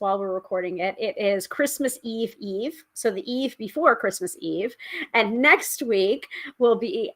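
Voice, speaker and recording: A woman's voice: mid-range voice, fairly bright tone. A woman hosting a live stream as a tarot reader and tapping practitioner, chatting casually with many fillers and reading viewer comments aloud.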